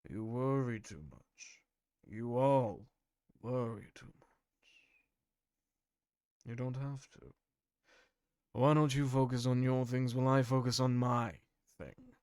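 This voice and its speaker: A man's voice: mid-range voice, steady tone, takes it slowly, pauses often, a little mellow, clear, resonant tone, no room sound, clean studio sound, close to an everyday voice. A man voicing a smug council member who brushes off concerns in a breezy, dismissive way.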